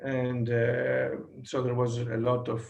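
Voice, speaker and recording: Italian-accented man, 60s, slow and gravelly, halting storyteller on a video call. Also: mid-range voice, completely flat delivery, darkish tone, lo-fi sound. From Italy. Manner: halting, with many fillers and restarts. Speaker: satsang guest. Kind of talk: personal storytelling.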